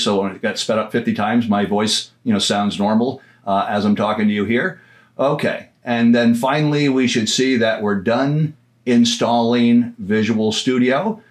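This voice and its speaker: Guy doing a laid-back software walkthrough, mid-pitched voice, lots of "you know", jokey. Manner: chatty, informal, with filler words and jokes. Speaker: software trainer. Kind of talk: screen-recorded tutorial walkthrough.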